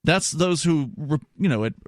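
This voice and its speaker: A man's voice: a little high, animated, normal speed, dry recording, studio quality. A male radio talk show host reading news stories aloud and chatting with his co-host, with casual asides and restarts. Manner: conversational with frequent restarts and asides.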